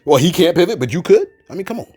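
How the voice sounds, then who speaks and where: A man's voice: high-pitched, animated, rapid-fire, a little mellow, breathy edge. A man casually commenting on celebrity gossip, digressing into preachy asides and mock-quoting people. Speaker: commentary host.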